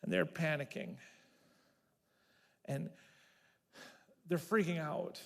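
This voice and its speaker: A man pastor preaching a sermon, telling the story in an animated way and repeating words as he builds. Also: on the high side, vocal fry. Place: church sanctuary. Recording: long reverb of a church hall.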